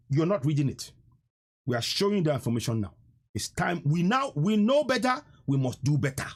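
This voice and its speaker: Husky, fiery man ranting. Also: a little high, sing-song, fairly quick. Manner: fiery, emphatic, repeats lines for effect. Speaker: live-stream host. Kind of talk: impassioned political live-stream rant.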